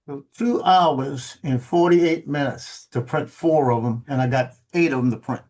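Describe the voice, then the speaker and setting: A man's voice: mid-range voice, measured pace, darkish tone. A man on a live show, retelling a story in an exasperated, mock-scolding way over a remote call mic. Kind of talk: casual chat, animated storytelling. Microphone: remote call mic with noise cancellation.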